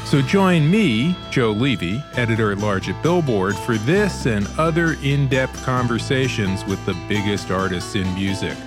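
A man's voice: mid-range voice, lively intonation, normal speed, hardly any pauses, music in the background. A man reading a scripted promo for his interview podcast in an upbeat, announcer-like way. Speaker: podcast host.

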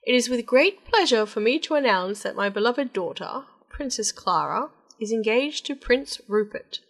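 A woman's voice: on the high side, expressive, normal speed, voice pushed up. A woman voicing a blustering middle-aged king in a storybook reading, raised and bellowing. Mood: proud.

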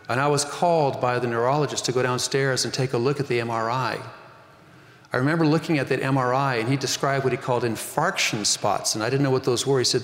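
Earnest preacher in an echoey hall. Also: male voice, mid-range voice. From Northern California. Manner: earnest storytelling preacher, rising emphasis. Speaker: pastor. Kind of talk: sermon.

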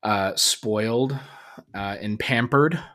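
A man's voice: fairly low pitch, slow pace, a bit bright. A man in his thirties hosting a casual solo podcast, telling a family story in a rambling way with restarts and fillers. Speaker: podcast host.

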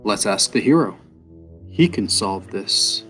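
A man voicing a cornered female dragonborn who flatters mockingly to deflect attention in a fantasy story. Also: on the low side, slow pace, faint music behind. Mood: steady. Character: cornered female dragonborn, quick-witted and stalling.

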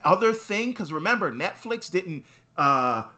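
A man co-hosting a gaming podcast, talking in an animated and sarcastic way with faint music behind. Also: sits high, a little slow. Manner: animated, sarcastic, mock voices for effect. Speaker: podcast co-host. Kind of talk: casual gaming chat.

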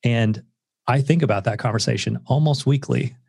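A man's voice: medium pitch, normal speed, gravelly, a little mellow, no echo, studio quality. A man speaking as a guest author in a casual interview, earnest and reflective, with many filler words.

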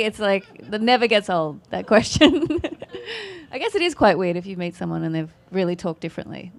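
An Australian actress with an Australian accent, answering panel questions in a playful, self-deprecating way. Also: female voice, mid-range voice, big pitch swings, normal speed.

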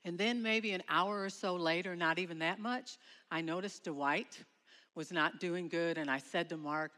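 A middle-aged woman speaking at a school chapel, telling her story to students dramatically and acting out her shouts. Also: on the low side, normal speed. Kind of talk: emotional testimony to students. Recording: long hall reverb.

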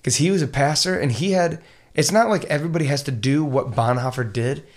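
A man talking casually as a podcast guest, animated and acting out quotes as he tells stories. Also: a little high, fairly quick. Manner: animated storyteller, acts out quotes.

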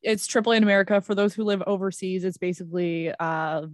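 A woman's voice: mid-range voice, quick pace, no echo, studio quality. A Canadian woman co-hosting a casual podcast from her basement, chatty and playful, stopping to explain things for listeners. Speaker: podcast co-host. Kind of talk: casual chat. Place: basement room.

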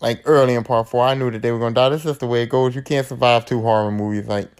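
A man's voice: medium pitch, steady tone, quick pace, a little mellow, clean tone. A man hosting a podcast, recapping horror movies in a slangy, profane, rambling way. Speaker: podcast host.

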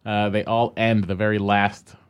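A man's voice: fairly low pitch, normal speed, smooth. A man, a podcast co-host, making dry wisecracks in casual chat. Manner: dry wisecracking, lively intonation.

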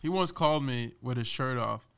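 A man's voice: mid-range voice, normal speed, gravelly, smooth. A young man, a podcast guest, chatting casually and animatedly, laughing often and mimicking others. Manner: animated storyteller, laughs often, mimics his boss loudly. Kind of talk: casual chat.

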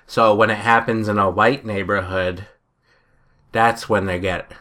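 Guy cracking jokes with friends, slow and bright-voiced. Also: fairly low pitch, fairly even intonation. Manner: joking, quick to tease. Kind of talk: casual chat among friends.

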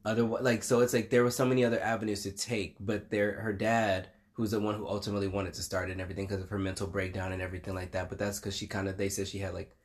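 A man's voice: lowish voice, flat delivery, very fast, hardly any pauses. A man, co-hosting a podcast in opinionated casual chat, swearing freely. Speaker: podcast co-host.

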